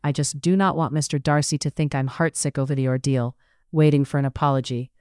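A narrator voicing a witty, spirited young gentlewoman with a wry, teasing manner in an audiobook reading. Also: medium pitch, fairly even intonation, a little fast, smooth, dry recording, clean studio sound, lightly acted.

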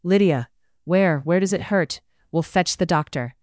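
A narrator voicing a frightened, tender young wife in an audiobook, speaking higher and pleading. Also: a little slow, darkish tone, dry recording, studio quality, close to an everyday voice. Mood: anxious. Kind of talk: audiobook character voice.

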